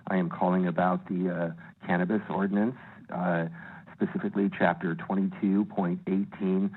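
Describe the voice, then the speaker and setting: A man's voice: low voice, level tone, normal speed, slightly rough. A man from Northern California phoning in an emphatic, upset public comment, with many fillers, over a phone line. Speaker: caller giving public comment.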